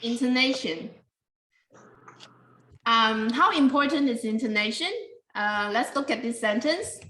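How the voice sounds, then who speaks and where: A woman's voice: on the high side, measured pace, bright, forceful tone, echoey room, a little hiss or hum, low-quality recording. A woman teaching an English pronunciation class, patiently explaining and calling on students by name.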